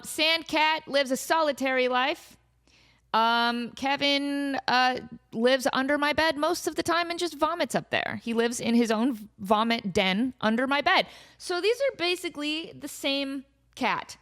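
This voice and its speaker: A woman hosting a casual comedy podcast, animated and laughing often as she riffs and quotes her cat. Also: sits high, a little slow. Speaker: podcast host. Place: home in desert valley.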